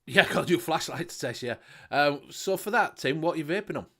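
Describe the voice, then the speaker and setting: A man's voice: on the high side, lively intonation, a little fast, fairly bright tone. A man from the United Kingdom hosting a casual chat show, exasperated and swearing a lot. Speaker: host.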